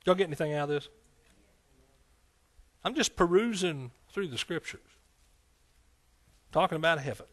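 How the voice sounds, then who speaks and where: A man's voice: fairly high pitch, lively intonation, normal speed, long pauses. A man preaching a folksy, conversational sermon, with frequent amens and hallelujahs. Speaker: pastor.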